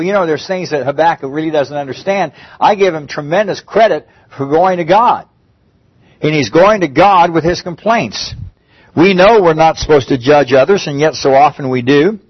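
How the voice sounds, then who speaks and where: A man's voice: a little high, normal speed, slightly rough, dry recording. A man preaching a sermon in a conversational way, restarting phrases and lifting his voice on emphatic pleas, recorded with a dull, muffled sound. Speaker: pastor.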